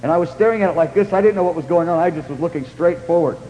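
Earnest high-voiced man preaching in a hall. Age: young adult. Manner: earnest storytelling, halting restarts, shouting in re-enactment. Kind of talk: sermon testimony. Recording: echoey hall with faint hum.

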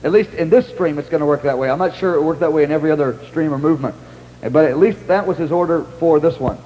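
A man's voice: fairly high pitch, fast, in a large hall, muffled recording, a little hiss or hum. A man preaching in a storytelling style, rambling through anecdotes with restarts and acting out what others said. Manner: rambling anecdotes with many restarts and acted-out quotes. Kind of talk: storytelling sermon.

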